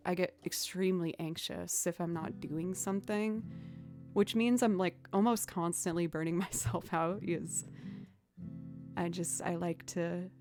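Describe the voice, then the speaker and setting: A woman's voice: lowish voice, darkish tone. A young woman streaming, chatting casually with viewers in a rambling way, with lots of "like" and "um".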